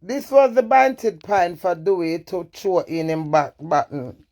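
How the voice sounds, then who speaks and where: On a candid live stream, a social media personality with a Jamaican accent speaks bluntly and profanely, shifting between defiance and emotion. Her voice is lowish and warm, and she keeps a measured pace.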